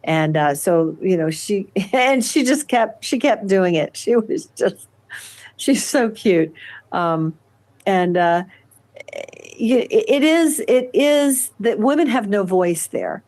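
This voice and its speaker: An older woman answering interview questions at length, halting often with fillers and restarts. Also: medium pitch, lively intonation, a little mellow. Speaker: interview guest. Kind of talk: conversational interview.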